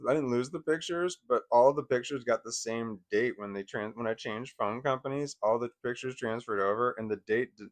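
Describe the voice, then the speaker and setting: Hesitant rambling man. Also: medium pitch. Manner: hesitant, repeats words and restarts often; coos softly at his dog. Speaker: vlogger. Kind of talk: rambling casual vlog.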